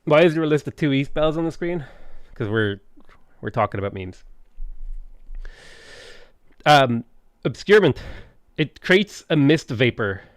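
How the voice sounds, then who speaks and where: A man's voice: on the high side, animated, measured pace, long pauses, no echo, clean studio sound. A man casually chatting on a livestream while gaming, rambling and swearing freely, with jokey asides to chat. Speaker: streamer.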